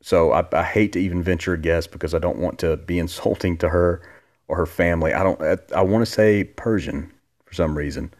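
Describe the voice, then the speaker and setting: A man's voice: a little fast, a little mellow. A man in his forties hosting his own podcast, telling a loose, rambling story with casual swearing. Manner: laid-back, rambling, profanity, jumps up high quoting others. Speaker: podcast host.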